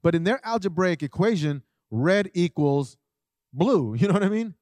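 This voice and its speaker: A middle-aged man giving a conversational parenting talk, animated, often acting out what parents and children say. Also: high voice, normal speed, no echo, clean studio sound. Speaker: parenting speaker.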